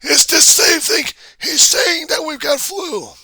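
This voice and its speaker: A man voicing a shrill, gloating male online critic who shrieks sneering taunts. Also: animated, slow, pushed and bright, dry recording, heavily acted. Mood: taunting.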